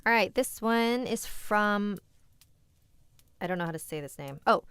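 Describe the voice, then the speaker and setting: A woman's voice: medium pitch, animated, moderate pace, long pauses, fairly bright tone, smooth, no echo. A woman hosting a livestream, reading submitted scary stories aloud and chatting candidly with her viewers between them. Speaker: host and story reader.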